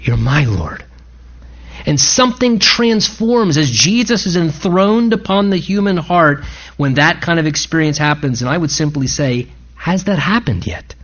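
A man's voice: fairly high pitch, expressive, moderate pace, a bit bright. A man pastor delivers an impassioned sermon, his voice climbing and dropping with feeling as he pleads with the congregation. The church recording sounds a little muffled and lo-fi. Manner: earnest, impassioned preaching with pleading asides.

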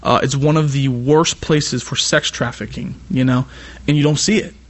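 A young man from California preaching a sermon as a youth pastor. He swings between animated preaching and chatty personal asides, full of repeated "you know.". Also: mid-range voice, moderate pace. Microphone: iPad.

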